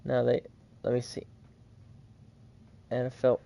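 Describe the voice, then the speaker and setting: A man's voice: mid-range voice, completely flat delivery, slow pace, vocal fry, warm tone. A man calling his own football video game in a mock announcer cadence, drifting into casual rambling asides. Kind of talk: mock play-by-play commentary mixed with casual chat.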